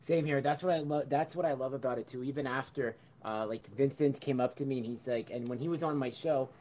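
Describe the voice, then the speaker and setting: A man's voice: medium pitch, a little fast, a little mellow, lo-fi sound. A man hosting a podcast, rambling casually with lots of restarts. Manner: rambling, many fillers and restarts. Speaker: podcast host.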